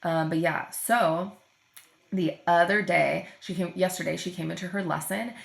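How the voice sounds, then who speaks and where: A woman's voice: lowish voice, fairly even intonation, moderate pace, creaky. A young woman hosting her own podcast and chatting casually about her voice students, with lots of "like" and "um". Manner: chatty, fills speech with "like" and "um". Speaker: podcast host and voice teacher. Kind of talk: casual solo podcast chat. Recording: echoey room.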